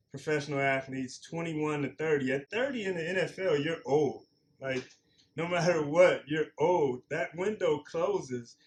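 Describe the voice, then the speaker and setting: A man's voice: a little high, a little hiss or hum. A man in his forties, a former pro football player, talking earnestly and plainly as a guest, repeating himself for emphasis. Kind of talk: reflective interview talk.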